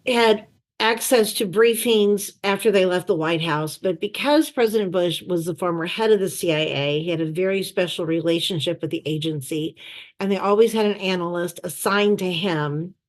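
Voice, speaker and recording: A middle-aged woman and former chief of staff, telling lively anecdotes and acting out the people she quotes. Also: fairly low pitch, moderate pace. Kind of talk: storytelling in an interview. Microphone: video call.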